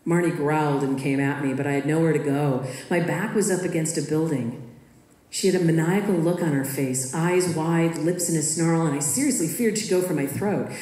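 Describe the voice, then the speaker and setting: A woman reading her own personal story aloud in a measured, expressive way, in a school auditorium. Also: deep voice. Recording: echoey hall.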